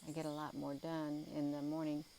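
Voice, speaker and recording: A low-pitched woman talks casually and sleepily to her live viewers, drifting through her thoughts with frequent ums and a folksy "you all". She is outdoors at night, with faint crickets and hiss behind her. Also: completely flat delivery, brisk, mellow, low-quality recording. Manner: rambling, full of ums and uhs. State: tired, yawning. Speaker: livestream host. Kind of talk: casual live sky-watching chat.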